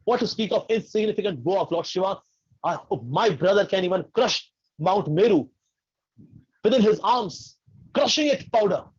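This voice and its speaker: A man voicing a hot-tempered young warrior who speaks in fiery, boastful indignation, with a husky voice. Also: high-pitched, big pitch swings, fast, hardly any pauses, dark tone, dry recording, highs cut off, pitched above the performer's own voice, full character voice. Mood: indignant.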